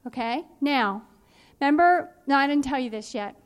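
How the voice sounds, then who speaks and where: A woman teaching a phonics and spelling workshop, explaining in a clear, patient, instructive way. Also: high voice, expressive, moderate pace.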